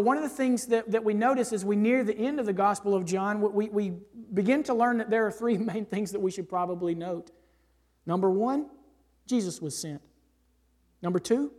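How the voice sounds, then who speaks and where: A male pastor preaching a sermon and reading scripture aloud, emphatic, swinging from loud declarations to hushed asides. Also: high-pitched. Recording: long hall reverb.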